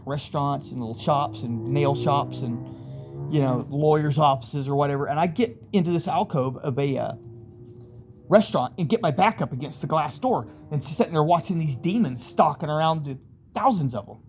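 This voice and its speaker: A man's voice: on the high side, darkish tone. A man casually telling a rambling, vivid first-person story, acting out voices in sudden bursts.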